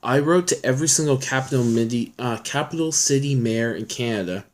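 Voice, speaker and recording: Casual vlogger, young adult male, mid-pitched, loose and rambling delivery. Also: fairly quick. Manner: rambling, filler-heavy, chatty storytelling. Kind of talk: casual chat showing his collection.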